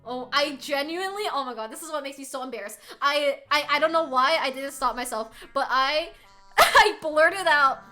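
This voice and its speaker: A young adult woman streamer telling a story to her chat in a casual, animated way, laughing often and swearing freely. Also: high-pitched, moderate pace, faint music behind. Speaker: livestreamer.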